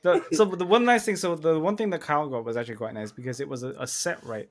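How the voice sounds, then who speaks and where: A man's voice: fairly high pitch, fast. Casual man chatting on stream. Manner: laid-back, rambling with fillers. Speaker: stream host. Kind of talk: casual chat.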